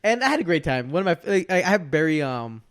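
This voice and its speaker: A man's voice: on the high side, big pitch swings, fast talker, clear, resonant tone. A young man co-hosting a casual podcast, rambling through a story and acting out what other people said. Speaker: podcast co-host.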